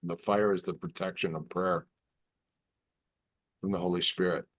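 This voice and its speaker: A man, a martial arts instructor on a podcast as a guest, telling stories in a casual, animated, halting way. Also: deep voice. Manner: animated, halting, repeats words. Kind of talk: casual storytelling.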